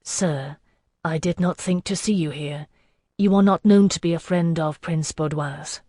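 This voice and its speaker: A man's voice: sits high, steady tone, measured pace, a little mellow, dry recording. A narrator playing a proud young courtesan in a fantasy audiobook, cool and distant in his replies, firm when he names his terms. The voice is recorded dry and close. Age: young adult.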